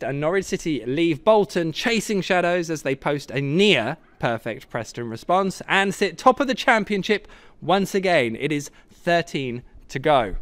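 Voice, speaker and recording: A man hosting a live football show from a stadium, chatty and jokey with quick asides. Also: a little high, big pitch swings, fairly bright tone, slight background noise. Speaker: host.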